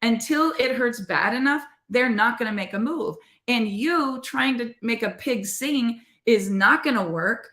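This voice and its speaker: A middle-aged woman co-hosting a podcast gives an earnest, conversational motivational faith talk, calling her listeners "you guys." Her fairly high, slightly bright voice is expressive and a little slow, with few pauses, in an echoey room.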